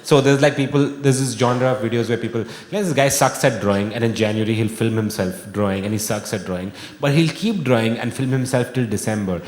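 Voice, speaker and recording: A man in his thirties with an Indian English accent, performing a stand-up comedy set and jumping into high, shouty voices for his friends. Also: a little fast, hardly any pauses. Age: 30s. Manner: animated, acts out friends in sudden high-pitched bursts. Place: large venue with live audience. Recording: echoey hall with audience noise.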